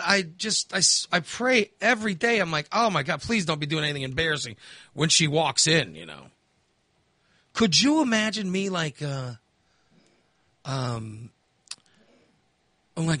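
A man's voice: on the high side, sharp tone, no room sound. A man hosting a podcast, telling stories in casual chat with laughs and voiced asides. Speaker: podcast host.

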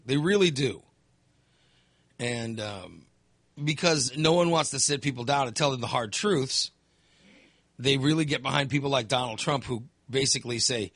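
A man's voice: mid-range voice, normal speed, long pauses, no room sound. A man in casual talk, ranting about politics, sighing, swearing and mocking what others say. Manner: animated, mocking quotes of others, swears, sighs.

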